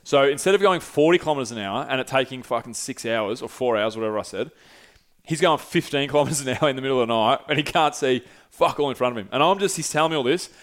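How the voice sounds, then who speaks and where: A man's voice: medium pitch, lively intonation, quick pace, a bit bright. A young man telling a long travel story in a loose, profane, filler-heavy way as a podcast host. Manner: profane, rambling anecdote with frequent fillers. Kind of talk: casual solo storytelling.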